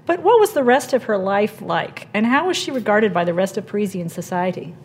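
Lively woman interviewer. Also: medium pitch, a little fast, slight background noise. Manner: clear, steering questions. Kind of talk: panel interview.

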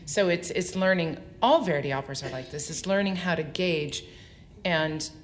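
Low-voiced soprano woman, expressive talk. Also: moderate pace, a little hiss or hum. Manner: articulate and expressive, explains at length. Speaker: opera soprano. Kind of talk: onstage interview before an audience.

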